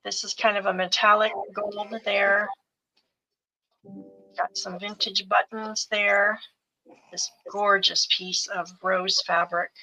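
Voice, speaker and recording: A woman's voice: mid-range voice, little pitch movement, slow, soft background music, low-quality recording. A woman co-hosting a live sales show, fondly listing the fabrics and trims in each craft bundle one by one. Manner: gentle, fond, lists items piece by piece. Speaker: co-host showing craft kits for sale.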